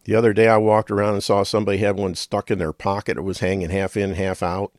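A man's voice: fairly low pitch, level tone, quick pace, a little mellow, no echo, clean studio sound. A middle-aged man hosting a radio talk show, rambling in a folksy way with chuckles and muttered asides.

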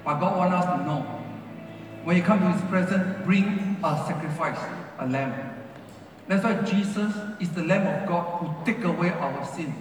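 A man's voice: sits high, normal speed, faint music behind. A man preaching a sermon as pastor in broken English, repeating phrases with rising and falling emphasis. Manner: preaching with non-native English grammar. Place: large church hall. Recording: echoey hall from far off.

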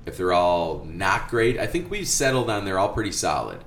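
A man co-hosting a podcast in casual chat, telling stories in an animated way and saying "like" often. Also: deep voice, moderate pace, echoey room, a little hiss or hum. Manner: animated storyteller, frequent "like". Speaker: podcast co-host.

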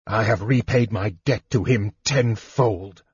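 A man voicing a frail, cold male wizard who speaks in a grim, hushed whisper in an audiobook reading. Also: lowish voice, measured pace, slightly rough, no echo, highs cut off.

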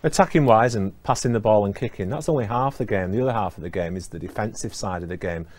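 Guy interviewing an old rugby player, quick questions, lowish voice. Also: darkish tone. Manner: brisk, direct questioning.

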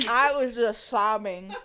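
A woman's voice: on the high side, background noise. A young adult woman co-hosting a podcast, telling stories in a dramatic, exaggerated way and swearing freely. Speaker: podcast co-host. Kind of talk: casual chat.

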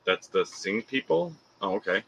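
Bright, lively man hosting a live podcast. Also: lowish voice, moderate pace, creaky, breathy edge. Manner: joking, laughs often, swears casually. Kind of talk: casual chat reading viewer comments.

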